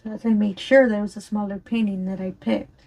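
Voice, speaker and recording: A crafting vlogger chats casually and rambles while diamond painting, often apologizing and laughing, her voice a little strained from allergies. She speaks fast at a medium pitch, with a level, mellow tone.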